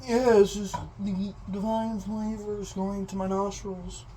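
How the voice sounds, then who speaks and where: A woman's voice: mid-range voice, level tone, slow pace, warm tone, far from the mic, slight background noise, low-quality recording. A young woman chatting casually to viewers while she cooks, goofy and rambling. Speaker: cooking vlogger. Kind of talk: casual cooking chat.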